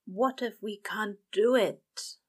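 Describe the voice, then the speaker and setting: A woman reading a story aloud and voicing a tired, frightened male demon who mutters in a low, worn voice. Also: takes it slowly, husky. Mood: desperate.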